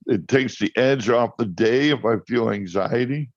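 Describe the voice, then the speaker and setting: A man's voice: medium pitch, a little slow, no room sound. A chatty man tells rambling stories as an interview guest, tripping over his restarts. His voice arrives dry and slightly dull over a video call. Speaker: cannabis farmer guest. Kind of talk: casual interview storytelling. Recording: muffled dry online call audio.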